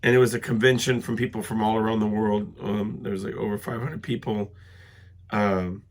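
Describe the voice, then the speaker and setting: A middle-aged man hosting a casual solo podcast while sick and congested, rambling with many fillers and clearing his throat. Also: fairly low pitch, little pitch movement, normal speed. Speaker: podcast host.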